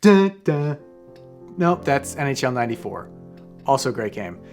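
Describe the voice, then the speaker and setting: A man's voice: medium pitch, expressive, fairly quick, soft background music. A man hosting a casual explainer monologue, talking loosely, wandering into side stories and swearing offhand. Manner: rambling, conversational, off-hand swearing. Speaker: host, comedian.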